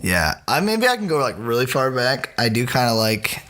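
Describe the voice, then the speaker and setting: A man's voice: mid-range voice, very animated, normal speed, bright, forceful tone. A man co-hosting a podcast in casual chat, slangy and laughing often. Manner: giggly, slangy, laughs a lot. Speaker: podcast co-host. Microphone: headphones on.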